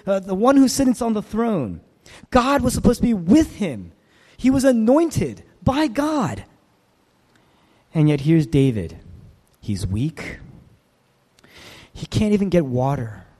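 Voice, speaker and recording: A man's voice: sits high, warm tone. A man preaching a sermon, emphatic and fond of repetition and rhetorical questions. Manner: emphatic, repeats phrases, asks rhetorical questions. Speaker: pastor. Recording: long hall reverb.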